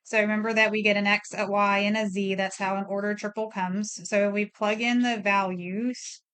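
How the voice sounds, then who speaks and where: A woman's voice: medium pitch, level tone, normal speed, fairly bright tone, clean tone. A middle-aged woman teaching a recorded math lesson, explaining each step plainly and thinking aloud as she works.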